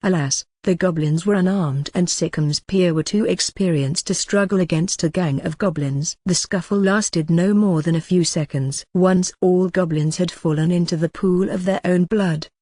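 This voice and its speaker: Audiobook narrator, mid-pitched voice, even pacing, dry close recording. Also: moderate pace, few pauses, dry recording. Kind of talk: scripted light novel narration.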